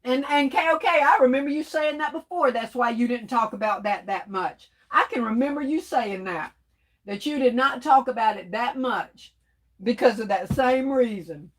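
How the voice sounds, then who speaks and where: A woman's voice: fairly high pitch, moderate pace. A woman hosting a casual livestream, chatty and laughing often as she reads viewer comments aloud. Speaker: livestream host reading chat.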